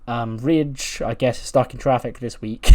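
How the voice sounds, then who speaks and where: A man narrating his wrestling management game run in a loose, chatty way. His pitch sits in an ordinary middle range. He keeps correcting himself and chuckles at his own jokes. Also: measured pace, a little mellow. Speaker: game commentator. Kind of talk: casual narration of a wrestling sim playthrough.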